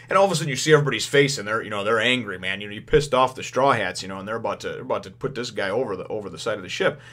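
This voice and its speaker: A man's voice: fairly low pitch, very fast, hardly any pauses, fairly bright tone. Chuckling, rambling male manga reviewer. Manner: rambling, chuckling often, many fillers. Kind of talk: casual spoken review.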